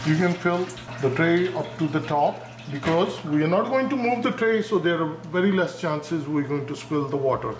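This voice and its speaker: High-voiced man demonstrating a cooking recipe. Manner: instructive, repeats cautions, narrates each step with times. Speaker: cooking channel host. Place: home kitchen. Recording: echoey room with faint noise.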